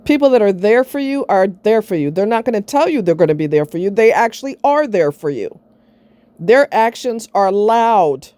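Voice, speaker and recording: A woman's voice: medium pitch, big pitch swings, normal speed, dark tone, no echo. A middle-aged woman vlogging, telling a personal story in a blunt, sarcastic way and swearing freely.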